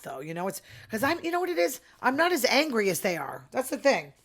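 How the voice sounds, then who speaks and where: A woman's voice: medium pitch, very animated, fairly quick, hardly any pauses, fairly bright tone. A woman hosting her own podcast, talking alone in a chatty, opinionated way and dropping into murmured asides. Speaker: podcast host. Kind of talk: casual solo podcast chat.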